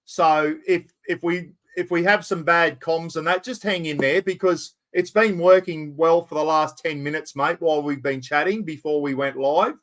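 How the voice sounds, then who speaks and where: A man's voice: fairly high pitch, moderate pace, few pauses, a bit bright. An Australian man hosting a casual live-stream chat, friendly and talkative, calling everyone mate. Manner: chatty, calls everyone mate. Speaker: host.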